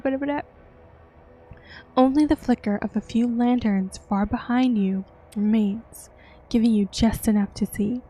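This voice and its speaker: Fairly high-pitched and a little mellow, a young let's-play streamer works through a horror game. She slowly reads its text aloud before breaking into yelps and giggles.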